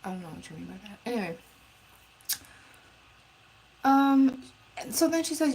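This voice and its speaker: A woman's voice: mid-range voice, lively intonation, moderate pace, long pauses, a little mellow, a little hiss or hum, low-quality recording. A woman telling a storytime in a casual, blunt and profane way, rambling with restarts. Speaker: live streamer.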